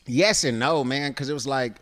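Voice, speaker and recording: A man's voice: medium pitch, moderate pace, a bit bright. A man from the United States, a comedian and actor, telling stories in a casual podcast interview. He swears freely and acts out voices.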